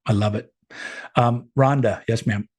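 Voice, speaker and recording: A man's voice: medium pitch, fairly even intonation, measured pace, a little mellow, slightly rough. A middle-aged man leading a group video call, giving an earnest, encouraging motivational talk with frequent restarts.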